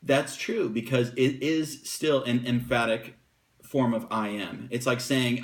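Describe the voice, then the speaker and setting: Guy casually teaching bible stuff, mid pitch, lots of ums, reads verses slow. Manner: relaxed, unscripted explaining with fillers, slows down to read verses aloud.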